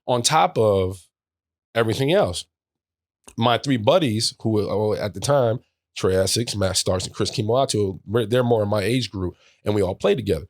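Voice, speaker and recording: A man in his forties, from New York, telling a long profane story in a casual, animated way. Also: fairly low pitch, moderate pace, no room sound, studio quality. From New York, USA. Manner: animated, profane, scat-filler asides. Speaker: guest, former football player.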